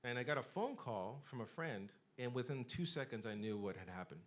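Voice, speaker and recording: A man's voice: medium pitch, lively intonation, fairly quick. A middle-aged man giving an impassioned public lecture, building rhetorical lists with emphatic rises. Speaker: speaker giving a talk.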